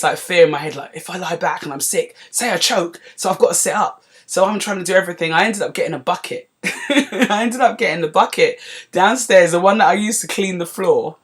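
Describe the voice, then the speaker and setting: A woman in her forties from North London with a London accent, hosting a podcast and telling a story in a lively, chatty way with asides to her listeners. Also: on the low side. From North London, England. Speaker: podcast host. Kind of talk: casual storytelling monologue.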